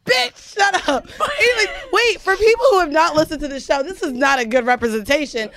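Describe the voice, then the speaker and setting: A woman's voice: high voice, a little fast, a bit bright. Brash young woman podcast host. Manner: brash, profane, laughing. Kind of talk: casual chat.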